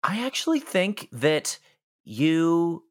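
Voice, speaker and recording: Lively, laid-back game master man. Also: a little high, takes it slowly. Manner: relaxed, laughing, loose. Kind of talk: running a tabletop game.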